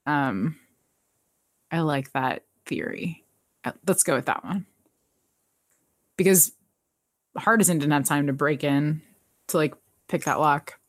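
Woman, podcast co-host, casual recap, animated, low-ish pitch, dry sound. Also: slow pace, long pauses, no room sound. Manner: animated, laughs often, jumps into quoted voices. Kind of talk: casual chat.

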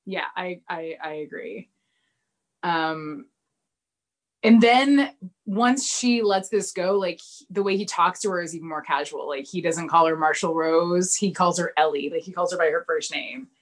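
A woman's voice: fairly low pitch, a little slow. A woman, casually recapping an episode and acting out the characters' lines with bursts of laughter. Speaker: podcast co-host recapping a TV episode. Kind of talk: casual chat.

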